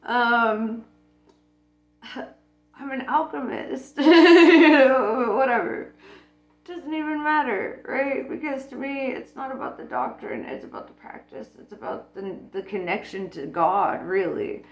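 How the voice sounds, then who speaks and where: A woman's voice: sits high, lively intonation, slow. A woman talking casually about spirituality, blunt and profane, laughing often. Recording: echoey room with faint music.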